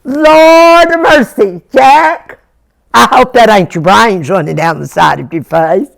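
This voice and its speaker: A woman voicing a fond, patient country mother in a told folktale, scolding gently in a folksy drawl. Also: on the low side, lively intonation, normal speed, gravelly, exaggerated voice. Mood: alarmed.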